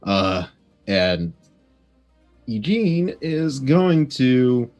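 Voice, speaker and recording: Very slow, hesitant man player. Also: medium pitch, sing-song, a little mellow, lo-fi sound. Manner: hesitant, halting, many pauses. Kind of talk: playing a tabletop game. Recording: faint music behind.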